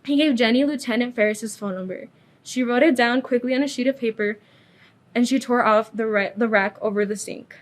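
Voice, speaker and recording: A woman's voice: fairly high pitch, a little fast. Woman reading a story aloud. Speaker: reader.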